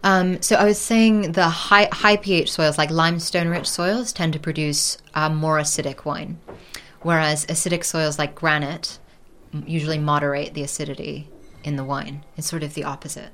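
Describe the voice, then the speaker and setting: A woman with a notably low voice speaks as an expert guest in a relaxed interview. She explains carefully and pauses often with ums as she thinks. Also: slight background noise. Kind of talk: casual conversational interview.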